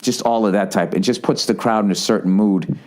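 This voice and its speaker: A man's voice: fairly low pitch, fairly quick, darkish tone. A man in his forties hosting a solo podcast, telling a long, profane, self-deprecating story full of restarts and asides. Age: 40s. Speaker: podcast host.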